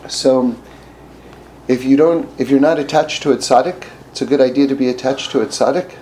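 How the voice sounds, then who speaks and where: A man teaching through a story, speaking haltingly with many restarts and fillers. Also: medium pitch, warm tone, slight background noise, poor audio. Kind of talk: storytelling lesson.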